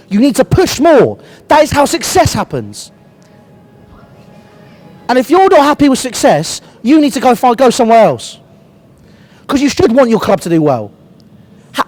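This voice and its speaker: In a very high, slightly mellow voice, a young British man rants hotly to camera as a football fan reviewer. He's blunt, passionate, and swears a lot, and his cold makes his voice crack.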